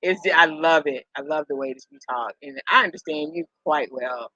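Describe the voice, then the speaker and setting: A middle-aged woman rambles through a casual chat with her viewers, chuckling and circling back on herself. Her voice is bright and forceful. The sound is dry and a little lo-fi. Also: low voice, fairly quick, no echo. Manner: rambling storyteller, chuckles often, repeats herself. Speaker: live-stream host chatting with viewers. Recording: dull lo-fi sound.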